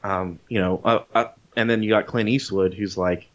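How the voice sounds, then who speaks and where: Male podcast co-host, lowish voice, casual profane storyteller, dull lo-fi audio. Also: a little fast. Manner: animated storyteller, swears freely, acts out quotes. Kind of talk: casual chat retelling a movie.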